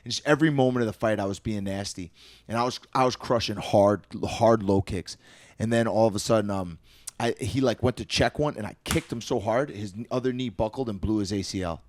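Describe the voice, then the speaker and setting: A man in his thirties telling stories in casual podcast chat, animated and profane, often trailing off into hushed asides. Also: fairly low pitch, brisk, no echo. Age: 30s. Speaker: podcast co-host, retired fighter.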